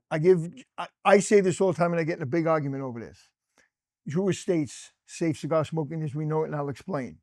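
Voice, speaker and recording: A man's voice: fairly high pitch, dark tone, no echo, clean studio sound. A middle-aged man, a cigar lounge manager, telling stories in a casual interview and acting out quoted dialogue.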